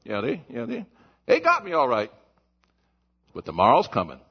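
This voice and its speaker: A man voicing a grudge-holder who quietly mutters about getting revenge. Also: mid-range voice, huge pitch swings, normal speed, breathy edge, muffled recording, pitched below the performer's own voice, full character voice. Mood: brooding. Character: vengeful grudge-holding man plotting payback.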